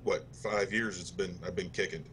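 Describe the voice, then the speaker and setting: A man chatting casually, easygoing and halting. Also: low-pitched, steady tone, a bit bright, slight background noise. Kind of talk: casual memorial chat.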